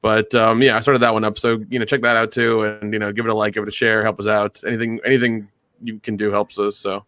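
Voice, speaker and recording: A man chatting as a podcast guest, halting and often repeating his words. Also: on the low side, flat delivery, fairly bright tone, no room sound. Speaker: guest, fellow channel creator. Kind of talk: casual chat.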